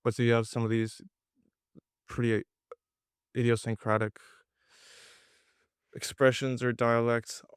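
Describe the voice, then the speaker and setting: Irish male playwright guest, smooth even voice, blunt, dry sound. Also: mid-range voice, measured pace, long pauses, no room sound. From Ireland. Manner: blunt, profane, self-deprecating. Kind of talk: casual interview.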